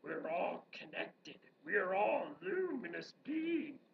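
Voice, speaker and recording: A woman teacher voicing a wise, ancient little alien master, slow and solemn, in a muffled classroom recording heard from far away. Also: mid-range voice, very animated, gravelly, slight background noise, pitched below the performer's own voice, exaggerated voice.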